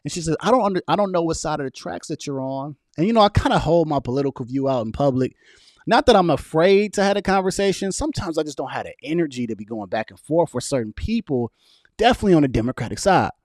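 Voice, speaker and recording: A young man speaking casually on a livestream, arguing back at viewers' chat comments in an animated, argumentative way. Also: fairly high pitch, fast, no echo, clean studio sound. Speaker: political vlogger reading live chat.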